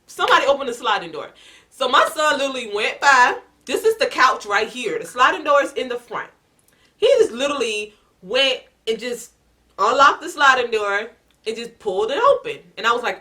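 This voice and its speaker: Bright-voiced woman telling a storytime. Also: sits high, moderate pace. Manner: animated storyteller who acts out her own past lines and addresses viewers as y'all. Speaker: vlogger. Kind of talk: casual storytime to camera.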